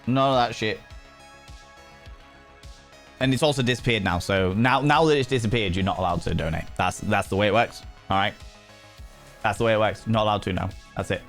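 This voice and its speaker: A man's voice: lowish voice, normal speed, pauses often, fairly bright tone, faint music behind. A man hosting a livestream, chatting casually with viewers in a playful, theatrical way with mock outrage. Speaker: livestream host.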